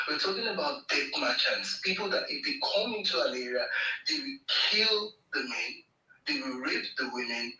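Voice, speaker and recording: A man's voice: medium pitch, sharp tone, echoey room, far from the mic, low-quality recording. A Nigerian man giving an impassioned, emphatic political speech on a live audio space, hammering points home with repetition. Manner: emphatic, repeats phrases for effect.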